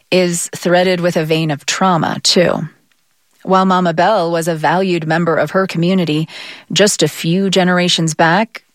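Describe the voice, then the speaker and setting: A woman narrating and interviewing for a radio feature, measured and explanatory. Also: on the low side, no room sound, studio quality.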